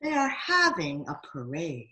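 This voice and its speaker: A woman's voice: sits low, huge pitch swings, measured pace, roomy sound, noisy background. A woman teaching yoga to children over a video call, playfully coaching them through a picture-book story. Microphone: video call mic.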